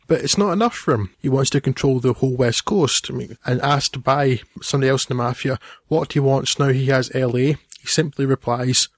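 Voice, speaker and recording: A man reviews films on a podcast and sums up plots in a dry, sardonic tone. His voice sits at a middle pitch and sounds dry and close, with no room around it. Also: no room sound. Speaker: podcast co-host, film reviewer. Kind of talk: casual film review with read synopsis.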